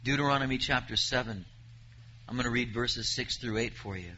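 A man's voice: medium pitch, fairly quick, pushed and bright, muffled recording, a little hiss or hum. A man preaching a sermon, reading scripture aloud and pressing his points with emphasis.

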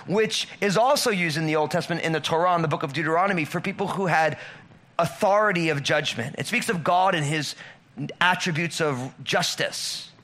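A man in his thirties preaching a sermon, conversational, swinging between loud emphatic lines and low quiet ones. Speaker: pastor.

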